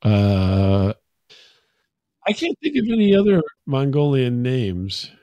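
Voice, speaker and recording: A man's voice: medium pitch, huge pitch swings, slow, warm tone, no room sound, muffled recording. A man co-hosting a podcast in casual chat, playful and joking. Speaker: podcast co-host.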